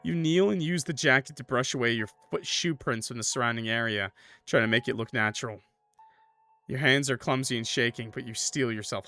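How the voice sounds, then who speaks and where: In this let's play, a man with a sharp, medium-pitched voice reads a horror game's text at a moderate pace, chatting easily between passages. He's a laid-back streamer who says "like" and "bro" a lot, and faint music runs underneath.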